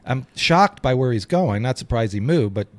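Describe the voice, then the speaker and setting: A man's voice: mid-range voice, expressive, normal speed, no room sound. A middle-aged man hosting a casual sports podcast, easygoing and reminiscing as he steers the talk. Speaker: podcast host.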